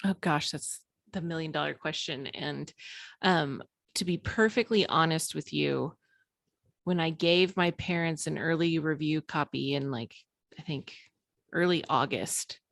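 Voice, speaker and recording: A woman's voice: low-pitched, unhurried, creaky, a bit bright, dry recording, clean studio sound. A woman in her thirties, speaking as an author and podcast guest, who talks frankly and with self-deprecating humor, often laughing between phrases. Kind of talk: candid conversational interview.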